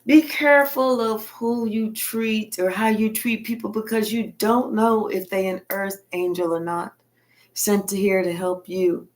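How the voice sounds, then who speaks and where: A woman's voice: medium pitch, fairly even intonation, a little slow. A woman giving a casual tarot reading in a blunt, colloquial manner with frequent cursing. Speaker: tarot reader.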